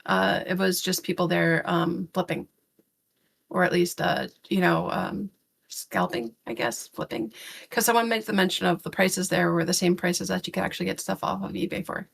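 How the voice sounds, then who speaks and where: A woman's voice: lowish voice, moderate pace, creaky, slightly rough. A woman co-hosting a podcast who rambles through a casual, exasperated rant, full of fillers and restarts, with blunt swearing. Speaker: podcast co-host.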